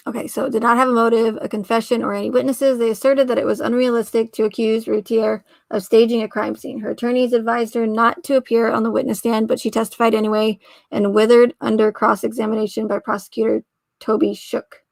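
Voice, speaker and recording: A woman's voice: on the high side, flat delivery, brisk, gravelly, a little mellow, dry recording. A woman hosting a casual livestream, reading aloud and rambling, often trailing off, correcting herself and laughing. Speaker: livestream host.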